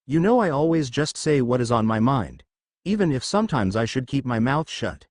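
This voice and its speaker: A man's voice: mid-range voice, very animated, moderate pace, a little mellow, no room sound, clean studio sound, close to an everyday voice. A man voicing a blunt, outspoken young woman student who ends her lines with a frog sound.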